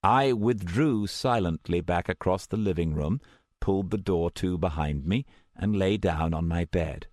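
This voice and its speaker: A man narrating a first-person audiobook in a measured, steady storytelling manner, close to the mic. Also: low-pitched, no echo.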